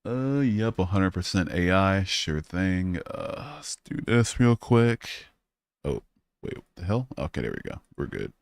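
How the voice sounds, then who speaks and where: A man's voice: sits low, very animated, measured pace, no room sound. A man hosting a live stream, chatting casually and profanely while reading and answering comments. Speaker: livestream host.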